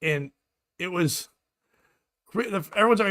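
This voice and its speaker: A man's voice: on the high side, animated, brisk, long pauses, fairly bright tone. A man hosting a podcast, chatting casually in a rambling, profane, jokey way. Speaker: podcast host and radio DJ. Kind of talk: casual comedic chat.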